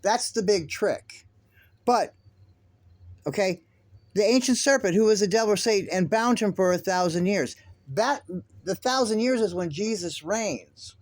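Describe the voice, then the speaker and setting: A man hosting his own online commentary, talking in an agitated, halting way with many restarts and swearing. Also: sits high, a little mellow, no room sound. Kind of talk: rambling religious commentary.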